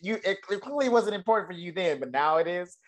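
A man co-hosting a podcast in casual chat, blunt and animated, swearing freely as he rants. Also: sits high, fairly quick. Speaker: podcast co-host.

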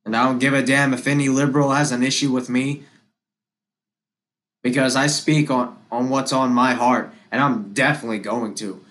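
A man's voice: medium pitch, a bit bright. A man hosting a podcast, giving a political monologue in an impassioned, repetitive and combative way. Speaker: podcast host.

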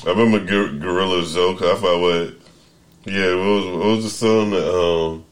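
Deep-voiced man rambling in casual podcast chat. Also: fairly even intonation, normal speed. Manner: rambling, self-interrupting, restarts sentences. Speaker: podcast host.

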